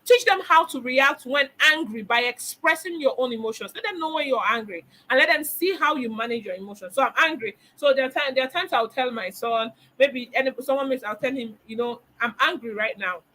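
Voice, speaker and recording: Woman, bright tone, parenting coach, emphatic, repetitive, rhetorical questions. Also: sits high, brisk, hardly any pauses, rough recording. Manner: emphatic, repeats key phrases, asks rhetorical questions. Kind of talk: webinar teaching.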